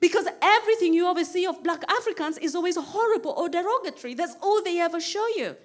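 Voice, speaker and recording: A woman's voice: very high-pitched, lively intonation, fast. A woman doing a stand-up comedy routine, laughing often and acting out characters in squealing voices. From Kenya. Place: comedy stage before a live audience.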